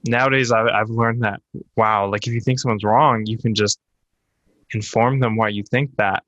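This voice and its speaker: A man's voice: lowish voice, fairly even intonation, normal speed, a bit bright, no room sound, dull audio. A young man co-hosting a podcast, telling personal stories in a candid, rambling casual chat with lots of fillers. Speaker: podcast co-host.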